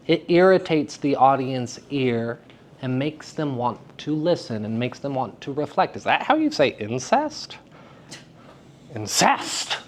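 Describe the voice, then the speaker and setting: A man leads a lecture for young drama students with lively, enthusiastic energy. He asks the class questions and pushes them on, while a faint hiss sits under his voice. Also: medium pitch. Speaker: theater teacher giving a lecture. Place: school hall with student audience.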